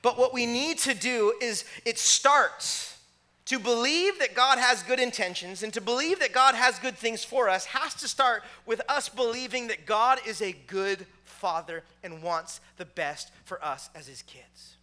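A male pastor in his thirties preaches with a notably high, ringing voice. His delivery is chatty and anecdotal, full of casual filler words. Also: animated, unhurried, pushed and bright. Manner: conversational storytelling with many filler words. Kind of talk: sermon.

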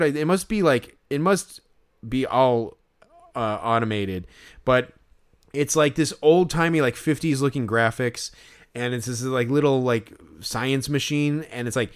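A man's voice: medium pitch, normal speed, clear, resonant tone. A young man co-hosting a casual podcast chat, rambling with many fillers and acting out the voices he quotes. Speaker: podcast co-host.

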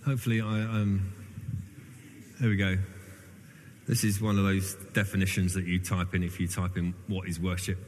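A man's voice: sits low, little pitch movement, normal speed, pauses often, a little mellow. Chatty clergyman in an echoing hall. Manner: chatty, self-deprecating storyteller. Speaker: church clergyman. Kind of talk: informal sermon to a congregation. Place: large reverberant church hall. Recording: long hall reverb.

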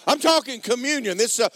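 A man preaching a sermon, joking with the congregation and breaking into loud shouts. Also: extremely high pitch. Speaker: pastor.

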